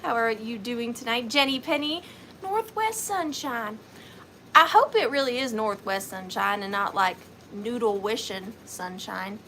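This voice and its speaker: A woman's voice: a little high, lively intonation, unhurried, pushed and bright, a little hiss or hum. A woman with a Southern US accent hosting a livestream, chatting sweetly with viewers and greeting them by name. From Georgia, US. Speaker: livestream host.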